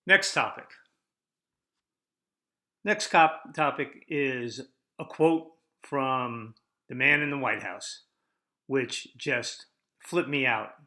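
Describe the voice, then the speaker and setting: A man's voice: mid-range voice, slow, pauses often. Brash older male podcast host. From United States. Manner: combative, rhetorical, lively ups and downs. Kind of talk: opinion podcast monologue.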